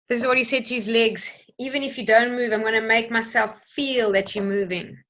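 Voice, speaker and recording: A woman leads a motivational teaching talk at an ordinary middle pitch. She sounds earnest and persuasive, driving her point home through emphatic repetition. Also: a bit bright, low-quality recording. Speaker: host.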